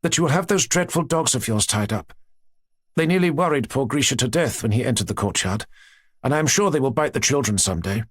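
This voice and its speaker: A man voicing a gentle, anxious aristocratic mother who speaks earnestly. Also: mid-range voice, animated, a little fast, no room sound, clean studio sound, lightly acted.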